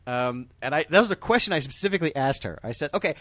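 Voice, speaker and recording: A man's voice: medium pitch, lively intonation, racing, few pauses, a bit bright, no echo. A man hosting a casual movie discussion, rambling with many restarts and chuckles.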